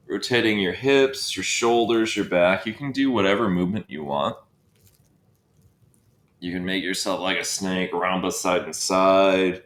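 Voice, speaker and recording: A man leading a guided breathwork session, giving calm coaching cues and counting breaths. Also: low-pitched. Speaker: breathwork instructor. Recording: roomy echo.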